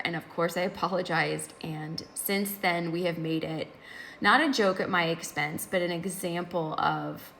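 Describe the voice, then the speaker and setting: A woman in her thirties telling a personal story in casual, expressive speech that swings between loud and hushed. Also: lowish voice, slight background noise. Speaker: podcast host and mother.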